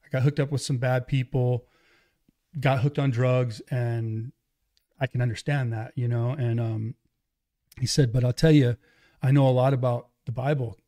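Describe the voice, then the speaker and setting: A middle-aged evangelist, appearing as a podcast guest, tells his life story in a relaxed, chatty testimony, frequently acting out what others said to him. His voice is medium-pitched and mellow, with fairly even intonation and a moderate pace.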